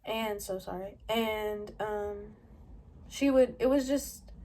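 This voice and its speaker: A woman's voice: medium pitch, takes it slowly, warm tone. A young adult woman vlogging from her home, telling a personal story in a rambling, casual way, full of "like" and "um". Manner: rambling, heavy use of "like" and "um", with short laughs.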